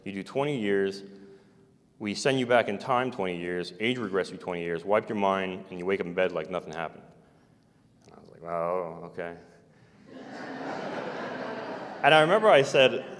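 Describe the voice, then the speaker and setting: A man who served in the navy, recounting a personal experience in a casual, meandering way, with hesitations and soft chuckles. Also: deep voice, animated, moderate pace, long pauses, a little hiss or hum. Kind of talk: casual first-person account. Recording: long hall reverb.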